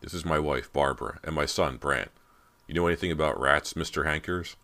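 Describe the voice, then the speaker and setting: A man voicing an irritable middle-aged father in a storybook reading, gruff and fuming. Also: very deep voice, fairly quick, bright, forceful tone, full character voice.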